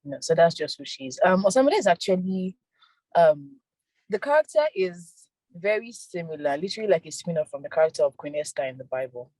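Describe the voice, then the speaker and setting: Young woman, soft-spoken, low-ish voice, laughs between answers, interview guest. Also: animated, a little fast, no echo, poor audio. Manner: soft-spoken, laughs often, repeats words. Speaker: actress and filmmaker, interview guest.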